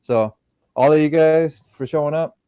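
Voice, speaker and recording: A man with a slightly high voice thanking everyone at the end of a stream. He sounds laid-back, and the recording is dry. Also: moderate pace, dark tone, clean tone, dry recording, lo-fi sound. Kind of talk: casual live-stream chat.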